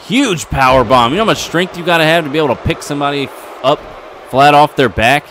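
A man giving excitable play-by-play commentary over a wrestling video game, getting louder at the big moments. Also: on the high side, fast talker, a little hiss or hum. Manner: excitable, building to yelling at near falls.

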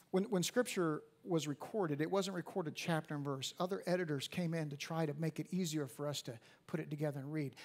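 A man in his fifties, a pastor preaching a sermon in a church, swinging from hushed to loud emphatic peaks and repeating words as he restarts. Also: on the high side, gravelly. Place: church sanctuary at a live service.

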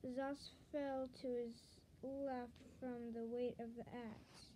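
A woman narrating her own story with earnest drama. She reads slowly, in a warm, mellow voice pitched a bit high, and a faint hiss runs underneath. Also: level tone, low-quality recording.

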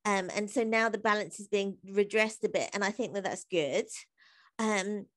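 A woman talking as a podcast guest in a chatty, animated way, laughing often and filling her speech with "like". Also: mid-range voice, normal speed. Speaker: guest, comedy writer and singer. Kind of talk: casual interview conversation.

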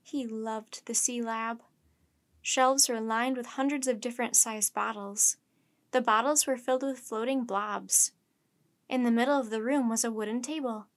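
A woman storyteller reading a children's chapter book aloud in a gentle, measured way. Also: a little high, fairly even intonation.

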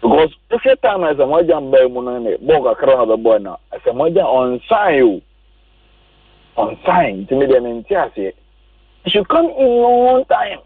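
Halting male caller on a phone line. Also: medium pitch, lively intonation, slightly rough, no echo. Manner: halting, searching for words. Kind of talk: phone-in opinion. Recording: tinny phone line, distant.

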